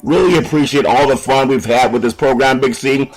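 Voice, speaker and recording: A man hosting a casual sports radio talk show in an upbeat, folksy, rambling way, giving shout-outs to listeners. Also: medium pitch, brisk, low-quality recording.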